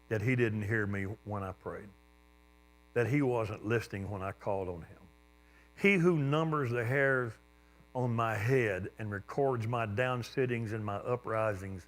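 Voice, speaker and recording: A man preaching a sermon, telling a personal story with lively jumps in pitch and sudden quiet drops. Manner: animated storyteller, voice jumping up with excitement then dropping low.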